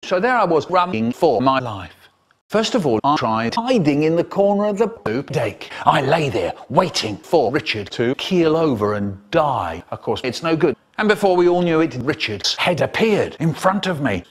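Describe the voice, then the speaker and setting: Animated male storyteller with lively pitch. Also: moderate pace, breathy edge. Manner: animated, sudden high bursts. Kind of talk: comic storytelling, spliced clips.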